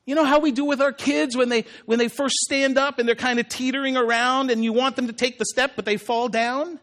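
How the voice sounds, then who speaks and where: A man's voice: extremely high pitch, steady tone, fairly quick, a bit bright. A male pastor delivering a conversational sermon in church, acting out the words of the story as he goes. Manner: conversational preaching, acts out Jesus' words.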